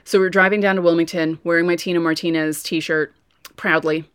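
A woman co-hosting a casual sports podcast, telling stories with lively asides. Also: fairly low pitch, fairly quick, no echo, studio quality. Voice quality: voice prone to going hoarse. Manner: chatty storyteller, lively asides. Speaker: podcast co-host.

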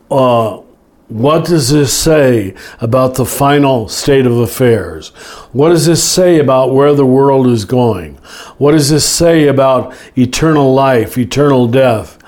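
An older man, a Catholic teacher and author, explaining ideas slowly and reflectively, often restarting and listing words. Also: mid-range voice, a little mellow. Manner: slow, reflective, with frequent restarts and lists. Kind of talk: relaxed spoken teaching in conversation.

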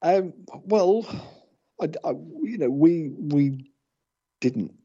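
Hesitant man with a mellow, husky voice. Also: a little high, expressive, extremely slow. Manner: hesitant, many fillers and restarts. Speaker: paranormal investigator, co-host. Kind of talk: casual radio talk. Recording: dull lo-fi radio audio.

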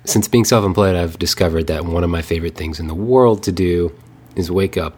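Man, very low husky voice, congested, relaxed podcast co-host chat. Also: brisk. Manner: relaxed, rambling, laughs often. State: congested from a lingering cold. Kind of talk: casual chat.

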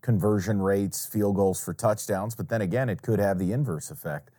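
A man's voice: on the low side, dark tone. Opinionated man on a betting podcast. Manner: emphatic, opinionated, quick restarts. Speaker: sports betting podcast co-host. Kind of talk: casual sports betting chat.

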